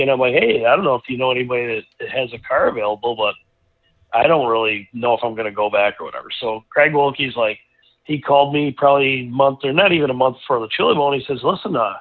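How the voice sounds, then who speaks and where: Guy rambling thru a racing story, lots of restarts, sounds like a phone line. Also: medium pitch. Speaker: racing driver guest. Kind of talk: casual storytelling interview.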